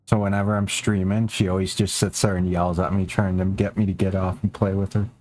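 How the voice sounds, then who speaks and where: A man's voice: flat delivery, a little fast, a little mellow. A young man streaming a game, chatting casually and rambling, swearing a lot and talking to his cats. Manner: rambling, profane, talks to his cats in a high baby voice.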